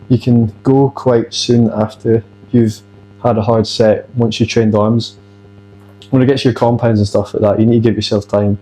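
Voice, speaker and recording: A man talks through his arm workout in a relaxed, coaching way, his low voice staying fairly flat. He sounds a little out of breath between sets. Faint music plays in the gym behind him. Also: low-quality recording. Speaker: fitness vlogger. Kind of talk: casual gym vlog talk. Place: gym, indoors.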